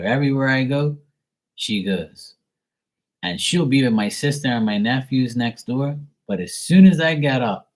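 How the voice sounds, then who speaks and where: A man with a lowish, slightly rough voice hosts a live tarot stream, captured in a low-quality recording. He chats casually in a loose, profane way, stuffing his talk with "like."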